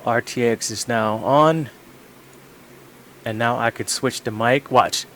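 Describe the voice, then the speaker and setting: A man's voice: medium pitch, slow pace, a bit bright, slight background noise. Rambling male streamer at home. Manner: rambling, repeats phrases over and over. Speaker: live streamer. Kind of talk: casual live-stream chat. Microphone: desk microphone.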